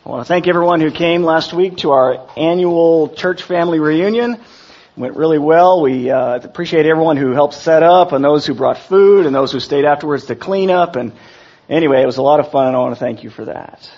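A man preaching a sermon to his congregation, earnest and measured, slowing down to recite verses. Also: on the high side, a little mellow, lo-fi sound.

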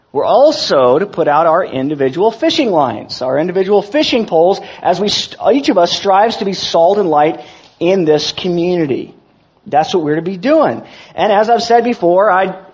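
A man preaching a sermon to his congregation, earnest and measured, slowing down to recite verses. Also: sits high, darkish tone, slightly rough, dull audio.

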